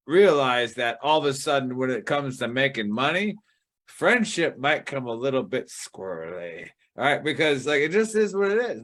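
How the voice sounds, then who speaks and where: A man's voice: medium pitch, sharp tone. A man hosting a casual sports betting podcast, talking in a rambling way and swearing casually. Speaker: show host.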